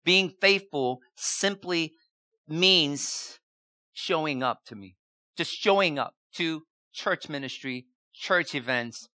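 A man's voice: fairly high pitch, sharp tone, no echo, studio quality. A man preaching a sermon as a pastor, asking rhetorical questions and repeating key words for emphasis.

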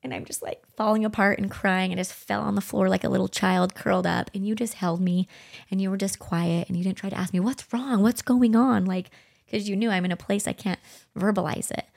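A middle-aged woman co-hosting a podcast, speaking gently and earnestly as she reflects on her own experiences. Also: medium pitch, level tone, brisk, creaky. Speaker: podcast co-host. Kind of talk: heartfelt conversational podcast talk.

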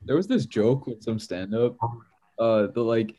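A man's voice: fairly low pitch, moderate pace, mellow, muffled recording, slight background noise. A teenage boy co-hosting a casual chat, telling rambling stories full of fillers. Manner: rambling storyteller, many fillers. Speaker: podcast co-host.

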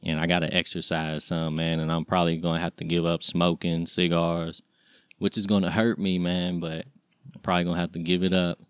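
A man's voice: sits low, flat delivery, a little fast, clean tone, dry recording, studio quality. A man in his late thirties casually telling a personal story as a podcast host, loose and rambling with slang and lots of fillers. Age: 30s.

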